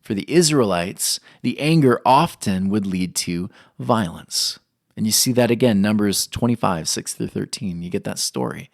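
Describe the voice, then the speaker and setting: A man's voice: medium pitch, darkish tone, dry recording, clean studio sound. A young adult man preaching a sermon, earnest, putting questions to his listeners. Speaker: pastor.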